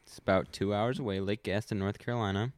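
A man's voice: fairly low pitch, fairly even intonation, fast, no echo, clean studio sound. A young man co-hosting a podcast, telling stories in a laid-back, rambling casual chat. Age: young adult. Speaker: podcast co-host.

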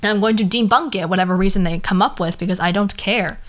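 Talking fast at medium pitch, a young podcast host vents in a sarcastic, exasperated rant, cursing freely and wandering into tangents.

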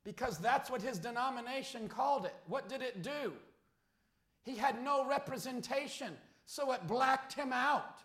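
High, bright-voiced preacher shouting in an echoey church. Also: male voice, normal speed. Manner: preaching with rising shouts and rhetorical questions. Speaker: pastor. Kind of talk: fiery sermon. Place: church sanctuary.

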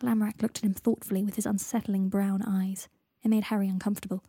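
A woman reading a story aloud as narrator, steady and measured. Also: medium pitch, breathy edge, no echo, clean studio sound. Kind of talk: audiobook reading of fan fiction.

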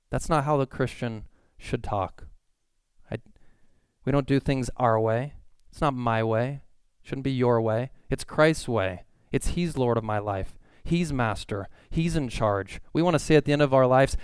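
A young male pastor preaching earnestly, driving his points home through repeated phrases. His voice is smooth and resonant, at a middle pitch. The recording is dry and close, with no room sound. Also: moderate pace, no echo. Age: young adult. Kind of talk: sermon.

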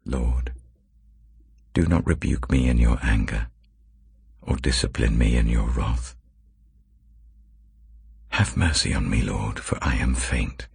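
Very deep gravelly male scripture reader. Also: no echo, studio quality. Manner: slow, measured, expressive reading. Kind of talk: solemn scripture reading.

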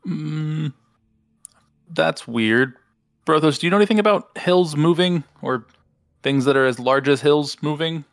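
A man with a gravelly voice, playing a tabletop game and chatting in a joking, self-deprecating way. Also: fairly high pitch, a little slow, pauses often, a bit bright, no room sound, studio quality. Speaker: player. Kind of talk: casual game chat.

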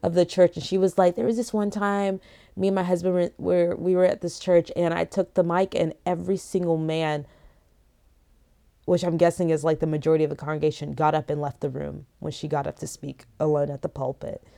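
A woman's voice: lowish voice, little pitch movement, fairly quick, gravelly, dark tone. A young woman hosting a casual solo podcast from home, rambling and joking with many fillers while lying down. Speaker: podcast host.

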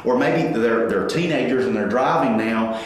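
A man in his forties giving a faith-based parenting talk, animated and acting out family dialogues. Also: medium pitch, moderate pace. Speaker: parenting speaker. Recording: very echoey room.

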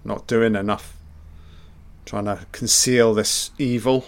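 A man's voice: on the low side, takes it slowly. A man giving a casual, sweary commentary on a film, muttering his reactions as he watches. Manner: relaxed, sweary, muttering asides.

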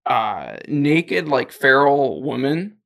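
A man on a podcast talks through a movie plot in a loose, rambling way. He leans hard on fillers as he goes, and his voice has a gravelly edge. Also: mid-range voice, sing-song, slow pace, a bit bright. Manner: rambling storyteller, many fillers like "like" and "or whatever". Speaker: podcast co-host. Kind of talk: casual chat, retelling a movie plot.

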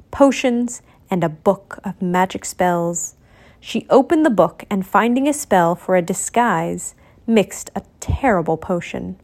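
A woman narrating a children's storybook in a clear, steady way. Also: mid-range voice.

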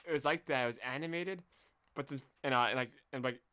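A young man co-hosting a casual podcast, talking in an animated way with lots of laughs, fillers and restarts. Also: mid-range voice, fast, clean tone. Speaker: podcast co-host. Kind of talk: casual chat.

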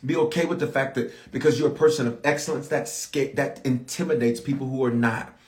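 A man's voice: medium pitch, a little fast, reverberant, a little hiss or hum. A man preaching a sermon as bishop, calling out to his congregation for response. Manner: animated, calls out to the congregation for response.

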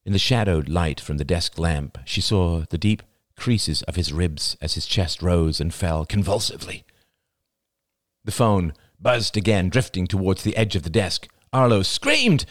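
A man narrating an audiobook with a low, deep voice. His reading is expressive and dramatic, with his pitch rising and falling widely. The sound is close and dry, with no room around it. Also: dry recording. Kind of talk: scripted narration.

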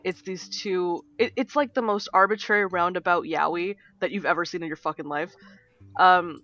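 Woman, casual podcast chat, lively storyteller, acts out quotes, slightly dull audio. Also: fairly low pitch, normal speed. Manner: animated storyteller, acts out quotes, laughs often, swears. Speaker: podcast co-host.

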